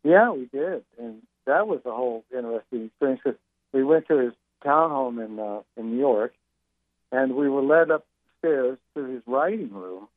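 A man's voice: medium pitch, lively intonation, moderate pace, no room sound. Older man musician on a phone line. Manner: rambling, many fillers and restarts. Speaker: musician guest. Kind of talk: interview over the phone.

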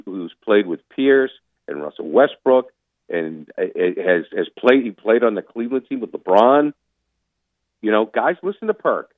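A lower-voiced man calls in over a tinny, dry phone line. He argues his sports opinions with big swings in pitch, pushing hard on the points he cares about. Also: dry recording. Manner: animated, opinionated, emphatic rants. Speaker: guest sports commentator. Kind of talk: casual radio interview.

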